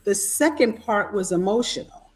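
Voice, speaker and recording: A woman's voice: mid-range voice, animated, normal speed. A woman guest speaking over a video call, telling her story in an earnest, reflective way. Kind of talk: personal testimony in an interview.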